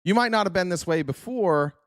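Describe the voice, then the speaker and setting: Male commentary host, fairly high pitch, blunt and profane, dry close recording. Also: expressive, fairly quick, no echo. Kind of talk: casual political commentary.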